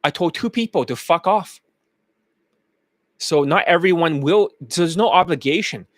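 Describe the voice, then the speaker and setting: A man's voice: fairly high pitch, normal speed, no echo. Brash, profane dating coach, man. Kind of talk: casual promotional monologue.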